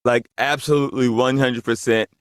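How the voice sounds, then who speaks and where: A man telling an amused, relaxed anecdote. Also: medium pitch, normal speed, smooth, no room sound, clean studio sound. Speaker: actor telling a story.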